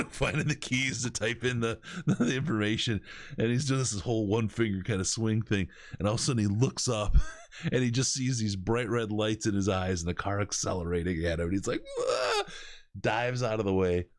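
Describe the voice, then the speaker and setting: A man hosting a podcast, telling stories in an animated way and laughing as he goes. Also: on the low side, normal speed, dry recording, studio quality. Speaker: podcast host. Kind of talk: casual storytelling.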